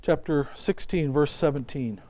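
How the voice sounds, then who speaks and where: High-voiced man preaching an animated sermon. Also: moderate pace. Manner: animated storytelling, acting out quotes. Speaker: pastor. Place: church.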